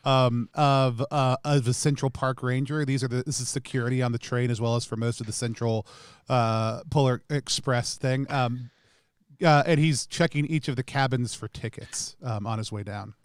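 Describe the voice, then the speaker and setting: A man's voice: medium pitch, fairly even intonation, moderate pace, smooth, no room sound, clean studio sound. Man running a tabletop game. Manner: rambling, with many fillers. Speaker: game master.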